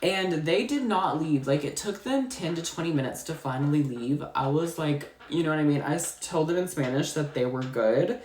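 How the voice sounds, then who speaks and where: A young woman with a drawl tells a rambling storytime, her voice low and a little congested. She fills her talk with likes and you-know-what-I-means. The room around her rings with echo. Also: normal speed, few pauses, darkish tone. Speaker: storytime vlogger. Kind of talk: casual storytime chat.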